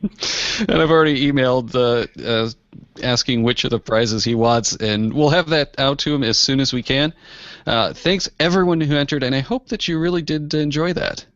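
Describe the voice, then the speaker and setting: A man's voice: mid-range voice, normal speed, no room sound. A man co-hosting a casual podcast, talking easily with lots of fillers. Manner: relaxed, frequent fillers. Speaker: podcast co-host. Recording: dull lo-fi podcast audio.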